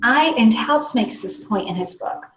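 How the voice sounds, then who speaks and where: Woman, podcast guest, enthusiastic storytelling, higher voice, echoey dull audio. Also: animated, moderate pace, crowd noise. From American South. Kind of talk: casual podcast chat.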